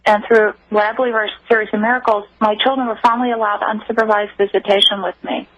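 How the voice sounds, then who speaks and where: A woman's voice: mid-range voice, level tone, quick pace, fairly bright tone, no room sound. A woman guest on a radio call-in show, telling a personal story in an earnest, emotional way over a dull phone line. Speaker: interview guest.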